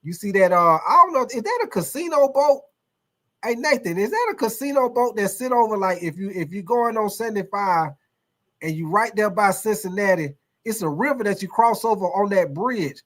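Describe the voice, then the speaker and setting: A man's voice: sits high, lively intonation, moderate pace, a bit bright. A man hosting a casual sports livestream, reading chat comments aloud in a loose, repetitive way, swearing and laughing often.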